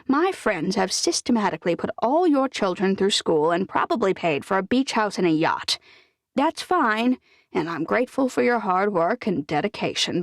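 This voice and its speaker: A stubborn older lady with a bossy, blunt tongue, as a woman narrator puts her on. Her voice swings widely in pitch and carries a gravelly edge, set close and dry in a storybook reading. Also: no echo.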